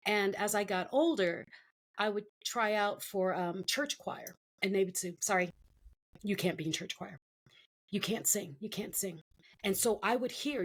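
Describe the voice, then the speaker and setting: A middle-aged Filipino woman with a medium-pitched voice tells her life story as an interview guest, acting out the voices of the people she quotes.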